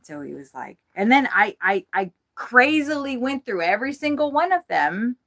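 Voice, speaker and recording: A woman's voice: on the high side, sing-song, a bit bright. Frazzled, swearing woman livestreaming. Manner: frazzled, swears a lot, talks in quick bursts. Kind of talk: casual livestream chat. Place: inside an RV.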